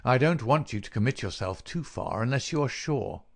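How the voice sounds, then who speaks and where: A man voicing a brisk, confident detective who speaks in an assured, emphatic way. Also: mid-range voice, animated, creaky.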